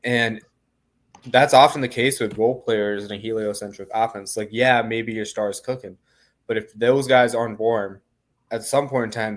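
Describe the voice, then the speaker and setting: A man co-hosting a casual sports podcast, giving relaxed, analytical breakdowns. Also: lowish voice. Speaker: podcast co-host.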